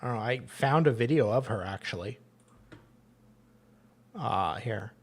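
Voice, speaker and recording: A man hosting casual reaction commentary, chatty and sarcastic, mumbling quiet asides. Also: mid-range voice, animated, measured pace. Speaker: commentary host.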